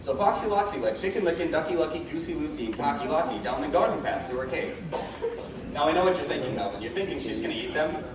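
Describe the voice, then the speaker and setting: A fussy, put-upon narrator, played by a man on a live stage, telling his tales in a fairly high, very lively voice full of exasperated asides. He sounds far off in an echoey hall, over a loud audience and steady background noise. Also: quick pace, lightly acted. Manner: storyteller patter, exasperated asides. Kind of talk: live stage comedy acting. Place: large indoor stage.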